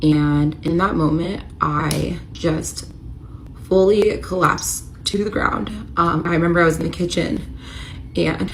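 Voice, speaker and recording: A woman's voice: on the low side, steady tone, measured pace, gravelly, a little hiss or hum, low-quality recording. An American woman in her thirties telling an emotional personal story in a confessional storytime style. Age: 30s. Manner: emotional, rising to near-shouting when retelling the confrontation.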